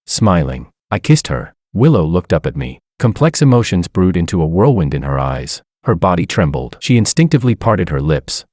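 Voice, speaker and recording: A man with a deep voice narrates a first-person story, smug and amused. His delivery rises and falls in a lively way. The recording is close and dry. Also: moderate pace, hardly any pauses, dry recording.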